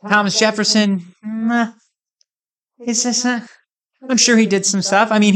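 A man's voice: sits high, a bit bright. A fired-up man from the States rants to camera in a loose, comedic vlog. He rambles from one thing to the next, tosses in crude jokes, and keeps himself jazzed up the whole way through. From United States. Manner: hyped, rambling and jokey, with crude asides. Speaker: vlogger. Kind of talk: casual comedic rant to camera.

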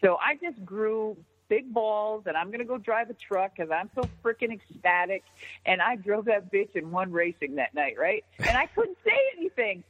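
A woman telling a story in casual chat, animated and profane, often jumping into an excited high voice. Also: normal speed. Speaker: podcast guest. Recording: tinny phone-line sound with long reverb.

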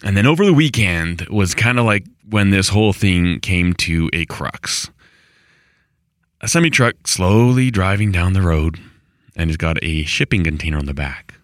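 A man's voice: sits low, a bit bright, no echo, clean studio sound. A middle-aged man talking to camera in a rambling, conversational monologue, with restarts and exasperated asides. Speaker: vlogger on rural homestead life. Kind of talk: casual monologue.

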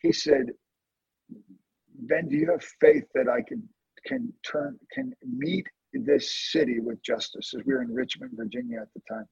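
A man earnestly telling an emotional story of prayer in a conversation, with lively swings in his voice. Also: normal speed, gravelly, breathy edge, no echo, lo-fi sound. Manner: earnest, emotional testimony with animated swings in pitch. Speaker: guest, prayer ministry leader.

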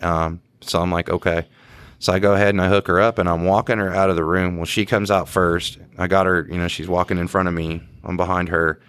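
A man with a very deep voice recounts an arrest in a loose, slangy way. He talks casually, like a cop chatting with a colleague. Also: level tone, brisk, a bit bright, smooth, dry recording. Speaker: podcast co-host and police officer. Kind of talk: casual storytelling chat.

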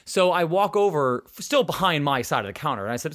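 Animated young man telling stories. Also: a little high, fast. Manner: animated, swearing, acts out quotes. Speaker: podcast host. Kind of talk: casual storytelling chat.

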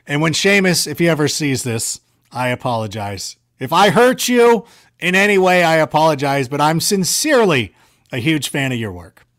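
A man telling rambling, self-mocking anecdotes in a casual chat, with lively jumps in his voice. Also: fairly high pitch, moderate pace.

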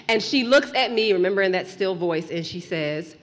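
A woman telling a story to an audience in an animated, playful way, dropping to a hush for suspense. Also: lowish voice, a little fast, few pauses, in a large hall. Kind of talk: lively storytelling talk.

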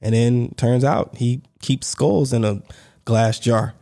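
A man co-hosting a casual podcast, telling a story with lively pitch swings and acted-out quotes. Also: slow pace, gravelly. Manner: animated storyteller, acts out quoted voices, laughs between lines. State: on crutches. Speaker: podcast co-host.

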